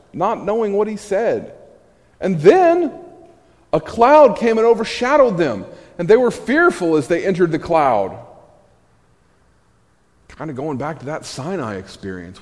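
A man preaching a conversational sermon, telling the story with animated energy and wry asides. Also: sits high, moderate pace. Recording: echoey hall.

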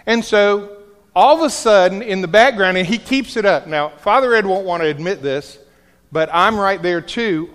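A middle-aged pastor with a high-pitched, slightly bright, clear, resonant voice preaches at normal speed, telling a story with jokey asides. The large hall adds long reverb.

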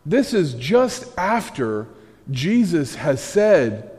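A man preaching a conversational sermon, telling the story with animated energy and wry asides. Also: a little high, takes it slowly. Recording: echoey hall.

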